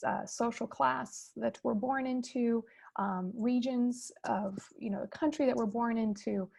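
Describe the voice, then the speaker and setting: A woman moderating a fireside chat over a video call, explaining terms in a measured, teacherly way. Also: on the high side, fairly even intonation, creaky, a little mellow, slightly rough.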